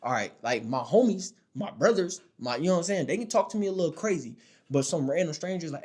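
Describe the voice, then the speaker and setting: A man's voice: expressive, fast talker, darkish tone, slightly rough. Emphatic slangy man giving advice. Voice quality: voice not especially deep. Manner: emphatic, slangy, keeps checking in with "all right?" and "my dog". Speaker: dating advice creator. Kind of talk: casual direct-to-camera monologue.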